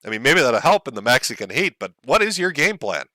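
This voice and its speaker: A man on a livestream rants in a mocking, profane way and breaks into laughs at his own jokes. His voice is bright and tense, and his pitch swings widely. The sound is dry and close, with no room around it. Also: sing-song, a little fast, no room sound. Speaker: livestream host.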